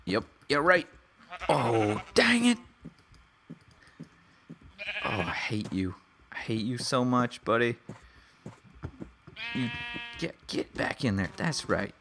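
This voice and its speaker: A man's voice: mid-range voice, very animated, takes it slowly, long pauses, noisy background. A man giving casual let's play commentary, chatting to the animals in his game with mock-angry outbursts. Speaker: gamer.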